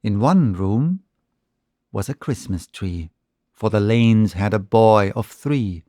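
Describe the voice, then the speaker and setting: A man narrating a short story in a measured, unhurried reading. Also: fairly low pitch, expressive, mellow, dry recording, clean studio sound.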